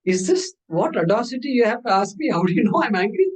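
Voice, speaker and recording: A man's voice: extremely high pitch, sing-song, slightly rough, far from the mic, voice pushed up, full character voice. A man voicing an indignant, angry man who is outraged at being questioned in a therapy session. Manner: incredulous, rising outrage, rapid questions.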